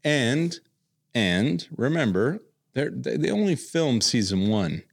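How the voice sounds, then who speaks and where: A man hosting a casual chat, animated and joking as he steers the talk. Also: mid-range voice, slow pace, gravelly. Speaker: podcast host.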